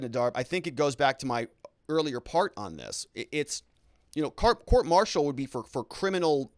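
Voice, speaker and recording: A man's voice: fairly high pitch, dry recording. Chatty male live-stream host, dry close sound. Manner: chatty, reads viewer comments aloud and answers them, frequent restarts. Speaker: host of a live-stream show reading viewer comments. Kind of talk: casual live-stream commentary.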